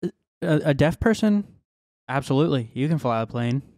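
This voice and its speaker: Man, slightly higher voice, blunt, sarcastic, dry close mic. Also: lively intonation, moderate pace, a little mellow, no echo. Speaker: podcast co-host. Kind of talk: casual podcast chat.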